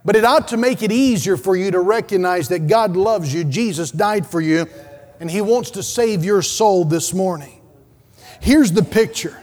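High-voiced preaching man, church reverb. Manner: dynamic preaching, swinging from loud urgent calls to hushed low passages. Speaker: pastor. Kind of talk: sermon. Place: church sanctuary.

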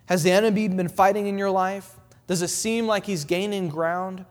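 A man with a high, light voice delivers an evening sermon in a church, the sound trailing off in a long hall reverb. He builds through repeated phrases and lets his voice fall quiet and gentle when giving quoted words of comfort. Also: fairly even intonation, normal speed. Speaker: preacher.

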